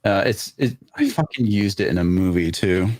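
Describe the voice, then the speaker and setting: A man's voice: on the low side, animated, normal speed, darkish tone, no echo. A man hosting a casual live stream, reading news articles aloud and rambling between them with stammers and swearing. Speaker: livestream host.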